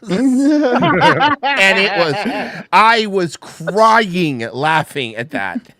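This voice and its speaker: A man's voice: a little high, lively intonation, normal speed, sharp tone, no echo, studio quality. A man hosting a podcast, telling rambling, profane stories in casual chat with lots of restarts. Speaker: podcast host.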